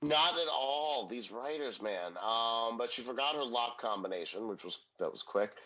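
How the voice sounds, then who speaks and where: A man's voice: medium pitch, lively intonation, moderate pace, pushed and bright, muffled recording. A man co-hosting a podcast, recapping a sitcom episode in casual chat, joking and swearing as he acts out quotes. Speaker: podcast co-host.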